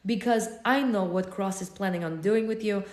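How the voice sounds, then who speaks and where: A hoarse woman voicing a secretive, guilt-ridden female nurse in a plain read-aloud, low-key and earnest. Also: normal speed, darkish tone, lightly acted. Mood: grave. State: hoarse, losing her voice. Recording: roomy echo.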